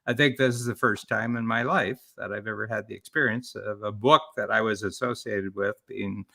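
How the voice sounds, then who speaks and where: A man's voice: on the low side, steady tone, moderate pace, gravelly, sharp tone. A man talking as a business coach and author in a live-streamed interview, explaining his ideas in a rambling way with many restarts.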